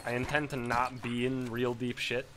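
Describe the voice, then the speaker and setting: A man giving casual, profane let's play commentary as a gaming host, swinging into loud frustrated rants. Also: mid-range voice, flat delivery, moderate pace, background noise. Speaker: gaming YouTuber. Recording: game music behind the voice. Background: game music.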